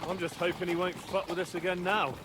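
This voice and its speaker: A man's voice: high-pitched, flat delivery, a little fast, background noise, natural voice. An actor playing a brash, foul-mouthed medieval nobleman in a game. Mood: gruff. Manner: coarse, swearing. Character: brash medieval male nobleman, coarse and boastful.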